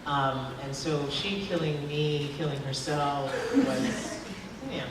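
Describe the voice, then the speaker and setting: In a large convention hall, a woman who is an actress answers panel questions, chatty and laughing often, with plenty of fillers. Her low voice is steady and slow. The recording is noisy, picked up from far off in an echoey hall.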